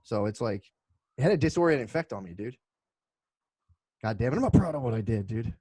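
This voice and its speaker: A man's voice: mid-range voice, animated, brisk, warm tone, a little hiss or hum. A man co-hosting a podcast, telling rambling, profane stories in casual chat. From United States. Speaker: podcast co-host.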